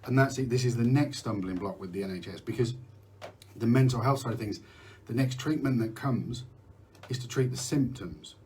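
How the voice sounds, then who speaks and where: A man's voice: mid-range voice, normal speed, dark tone, a little hiss or hum. A middle-aged man from the UK hosting a candid live talk about mental health, rambling, restarting sentences and swearing now and then. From United Kingdom. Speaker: host.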